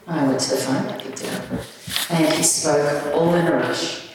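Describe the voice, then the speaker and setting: A woman's voice: fairly low pitch, a little slow, noisy background. A middle-aged woman, telling anecdotes as an author at a live event. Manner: animated anecdotal storytelling with laughs. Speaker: author and guest speaker. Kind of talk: live stage conversation, storytelling. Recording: echoey hall from far off.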